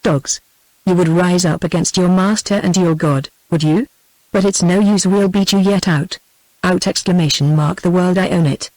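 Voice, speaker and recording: A woman's voice: lowish voice, moderate pace, dry recording, natural voice, poor audio. A synthetic woman's voice reading a raving old billionaire. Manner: flat synthetic reading of shouted lines. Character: frantic old male billionaire raving with greed.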